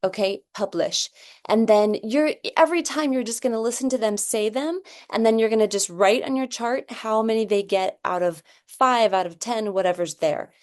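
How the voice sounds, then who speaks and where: A woman's voice: a little high, moderate pace, darkish tone. A woman teaching reading, explaining a phonics assessment and sounding out example words one by one, often checking in with "okay?".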